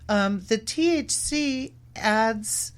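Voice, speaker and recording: A woman talks as a guest on a chat show, pausing often with ums and uhs. Her delivery is loose and unhurried in tone. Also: fairly high pitch, clean tone. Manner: hesitant, many ums and uhs. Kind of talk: casual chat.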